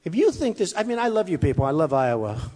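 A man's voice: fairly high pitch, very animated, fast talker, a little mellow. A man giving an off-the-cuff campaign speech to a rally audience, boastful and rambling, repeating his phrases and mocking his critics. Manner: mocks his critics in quoted voices. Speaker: political candidate addressing a rally. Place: hot crowded room with an audience. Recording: echoey hall, faint crowd.

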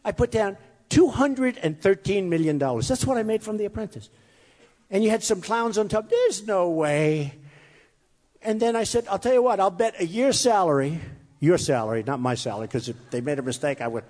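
A man's voice: high-pitched, brisk, a little mellow. A man giving a rambling, boastful campaign speech at an event, often repeating himself. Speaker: candidate speaking at a campaign event. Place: large hall with a crowd. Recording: long hall reverb.

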